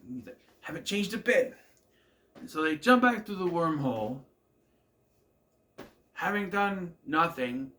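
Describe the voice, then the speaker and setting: A man's voice: medium pitch, bright, forceful tone. Man rambling through an episode recap. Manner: rambling, many fillers and restarts. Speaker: show reviewer.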